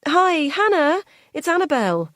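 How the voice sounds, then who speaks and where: Woman putting on a high, sing-song carer, impatient, every sentence lilting upward, dry close audiobook sound. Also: big pitch swings, normal speed, fairly bright tone, no echo. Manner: pitch rises at the end of every sentence. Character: impatient female carer, anxious to leave.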